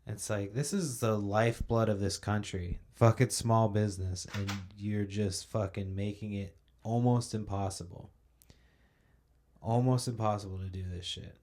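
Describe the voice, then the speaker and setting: Profane, rambling low-voiced man. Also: fairly even intonation, moderate pace, a little mellow. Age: young adult. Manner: profane, ranting, loose storytelling. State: sleepy. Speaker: podcast host. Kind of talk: casual rambling monologue.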